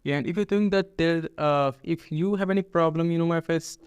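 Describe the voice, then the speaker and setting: A male tutor, a his first, talks learners through advice, pausing on fillers and restarting often. His voice is a little high and smooth, recorded dry and close. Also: no echo, lo-fi sound. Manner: hesitant, many fillers and restarts. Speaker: English tutor. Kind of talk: casual teaching talk to camera.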